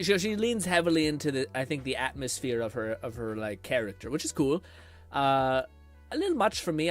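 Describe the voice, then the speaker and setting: A man streaming a casual reaction video, blunt and animated, swearing and laughing often. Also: medium pitch. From Canada.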